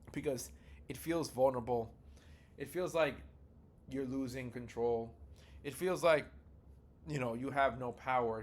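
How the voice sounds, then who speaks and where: A man's voice: on the high side, a bit bright. A man talking casually and with many fillers as he teaches public speaking in a video lesson. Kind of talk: teaching video on vocal delivery.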